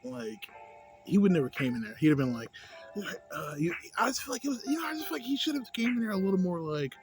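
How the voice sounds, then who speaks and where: A young man rambling casually and profanely into his phone about a movie, acting out scenes in a higher voice. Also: sing-song, quick pace, gravelly, faint music behind, low-quality recording. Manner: loose, profane, rambling, acts out scenes in a high voice. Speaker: vlogger. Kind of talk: casual smoke-session movie review.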